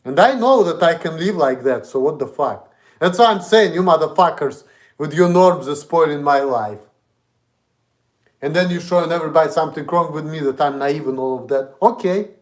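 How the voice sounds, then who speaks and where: A man's voice: fairly high pitch, moderate pace. A man with a Russian accent, streaming an indignant, profane, repetitive rant. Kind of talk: ranting monologue.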